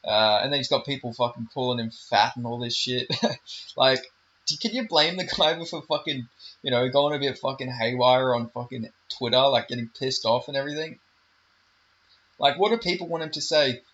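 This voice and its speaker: A man's voice: medium pitch, normal speed, fairly bright tone, dull audio, slight background noise. A man giving a heated, profane casual rant about fighters, full of fillers and swearing. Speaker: MMA commentary YouTuber.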